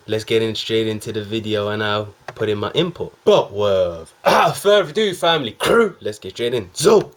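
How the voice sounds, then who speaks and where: A young man hosting a reaction video, talking in a casual, excited, slang-heavy way. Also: on the low side, normal speed, few pauses.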